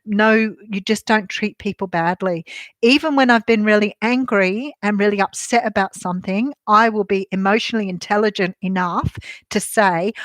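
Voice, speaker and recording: A woman's voice: medium pitch, no room sound. A middle-aged Australian woman, chatting candidly with viewers on a livestream, laughing easily with many ums. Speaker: tarot channel host. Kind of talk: casual livestream chat answering viewers.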